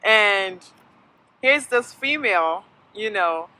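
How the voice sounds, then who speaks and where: A woman from Sierra Leone hosting an interview, asking halting questions full of fillers. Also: medium pitch, lively intonation, pushed and bright, poor audio. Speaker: show host. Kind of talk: conversational interview.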